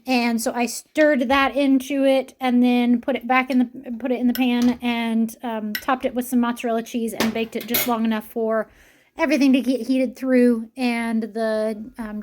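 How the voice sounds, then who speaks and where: A woman's voice: fairly high pitch, a little mellow. A middle-aged woman vlogging about her family's meals in a casual, chatty way, with lots of ums and uhs. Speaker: homesteading mom vlogger. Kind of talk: casual vlog narration.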